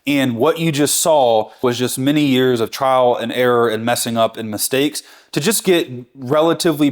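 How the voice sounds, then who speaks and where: Upbeat man demonstrating brisket trimming. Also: mid-range voice. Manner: enthusiastic, chatty, self-correcting. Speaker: barbecue channel host. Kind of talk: hands-on cooking demonstration.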